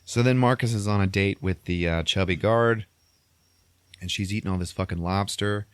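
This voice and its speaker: Talk low and loose, a profane podcast host recapping a movie to a friend, in a dry, close room. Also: male voice, normal speed, clear, resonant tone, dry recording. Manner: profane, laughing storyteller. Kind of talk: crude comedic movie recap.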